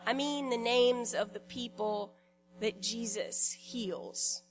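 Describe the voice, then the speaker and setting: A woman pastor giving a sermon in a church in a conversational, lightly humorous way, pausing deliberately between phrases. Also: on the high side, soft background music.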